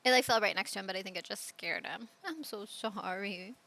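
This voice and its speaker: A woman chatting casually while playing a game at home, with bursts of laughter and soft asides, wearing headphones. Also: mid-range voice, quick pace, creaky. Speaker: let's play gamer. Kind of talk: casual gameplay commentary. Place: home, at a laptop. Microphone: headphones with mic.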